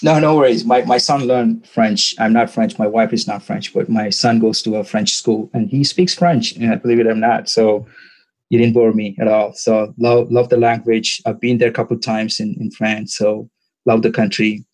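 A man whose first language is Tamil, a podcast guest talking casually and haltingly, with lots of fillers. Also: on the low side, low-quality recording. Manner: relaxed, halting, many fillers. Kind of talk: casual interview talk.

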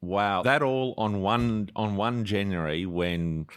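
A man's voice: on the low side, slow pace, clear, resonant tone. A man hosting an interview, encouraging his guest with frequent affirmations and summarizing questions. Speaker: podcast host. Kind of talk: conversational interview.

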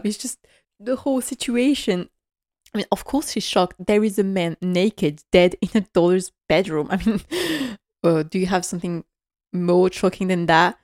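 A woman's voice: medium pitch, a little mellow, no echo, clean studio sound. Woman, casual recap chat, chatty, laughs a lot. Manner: chatty, laughs often, restarts sentences. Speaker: podcast host recapping a drama series.

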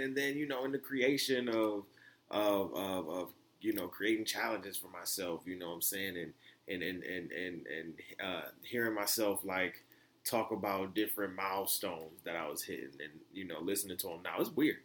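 A man from the United States hosting a casual solo podcast. He rambles with many fillers and restarts, and his voice jumps high when he gets excited. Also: moderate pace. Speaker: podcast host.

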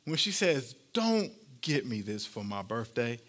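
A man's voice: medium pitch, sing-song, a little slow, fairly bright tone. A man preaching a sermon to his congregation, telling a family story in a conversational, playful way. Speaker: pastor.

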